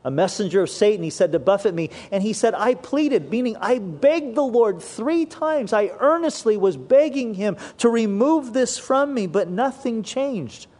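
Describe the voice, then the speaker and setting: High-voiced man preaching a sermon. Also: animated, darkish tone. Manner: earnest preaching, slows and drops low when quoting scripture. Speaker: pastor.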